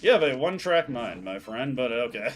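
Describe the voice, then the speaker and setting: Male streamer, chatty game commentary, lively pitch, laughs a lot, faint game music behind. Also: moderate pace. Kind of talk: game commentary while reading dialogue aloud.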